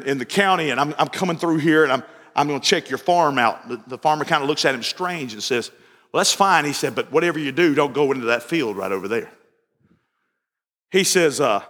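A pastor preaches with a high, bright, ringing voice, acting out the dialogue of his stories. He repeats phrases as he drives his points home. The sound rolls around a reverberant church hall. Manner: folksy storytelling, repeats phrases, acts out dialogue. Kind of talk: evening sermon with anecdotes. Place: church sanctuary.

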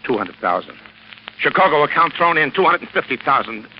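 An actor playing a scheming gangster with a gravelly, wheedling voice, in 1940s radio acting style on a dull old broadcast. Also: male voice, on the high side, very animated, brisk, a little hiss or hum. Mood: pleading. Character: gravelly scheming gangster, cowardly when cornered.

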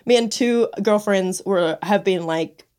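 A young woman co-hosts a podcast and tells her stories casually, with frequent giggles and fillers. Her pitch sits in the usual middle range. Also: a little slow, a little mellow. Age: young adult. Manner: giggly, chatty, lots of fillers. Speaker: podcast co-host. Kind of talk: casual chat, storytelling.

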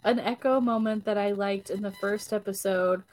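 A woman's voice: mid-range voice, fairly even intonation, normal speed, a little mellow. A young woman co-hosting a podcast in casual chat, retelling scenes and laughing often. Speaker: podcast co-host.

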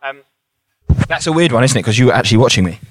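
A man's voice: medium pitch, lively intonation, fast, no room sound, studio quality. A young man co-hosting a podcast outdoors, teasing his friend, laughing often and swearing casually. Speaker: podcast co-host. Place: outdoors on a hillside.

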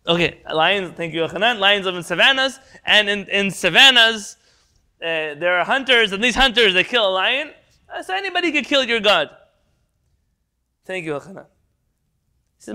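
A man's voice: high-pitched, expressive, moderate pace, vocal fry, pushed and bright. A man teaching a Talmud class over a video call, translating Hebrew terms, quizzing the class and jumping between points. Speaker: Torah teacher.

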